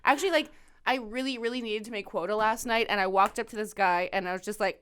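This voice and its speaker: A woman's voice: mid-range voice, fast talker, clean tone. A young woman co-hosting a casual podcast chat, telling stories with lots of laughter and swearing. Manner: laughing, animated storytelling, swears freely. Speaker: podcast co-host, dancer.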